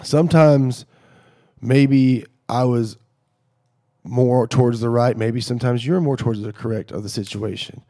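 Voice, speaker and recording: Gravelly middle-aged man telling stories. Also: medium pitch, measured pace. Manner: animated storyteller acting out quoted dialogue. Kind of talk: casual podcast chat.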